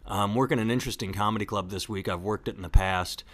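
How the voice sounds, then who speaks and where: A man's voice: on the low side, fast, fairly bright tone. A man hosting a podcast, chatting casually and telling rambling jokey stories. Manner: rambling, joking storyteller. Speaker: podcast host.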